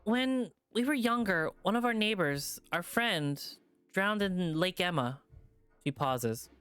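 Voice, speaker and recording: A streamer voicing a calm, plain-spoken young woman in a visual novel, speaking in a flat, even tone. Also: mid-range voice, slow pace, clear, resonant tone, no echo, faint music behind, voice pushed up. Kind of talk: visual novel read-aloud.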